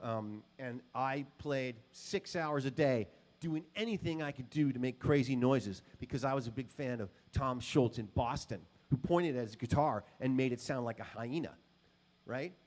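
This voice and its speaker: A man's voice: mid-range voice, normal speed, darkish tone. A man giving a guitar clinic in a music store, telling stories to a live audience in a casual, rambling way. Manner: casual and rambling, with many "um" and "you know". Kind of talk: storytelling talk to a live audience.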